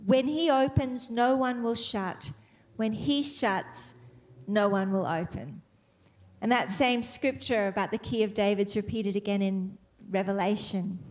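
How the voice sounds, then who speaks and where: A woman preaching a sermon with fervent delivery, slowing and softening on key phrases, then building to emphatic exclamations. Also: mid-range voice.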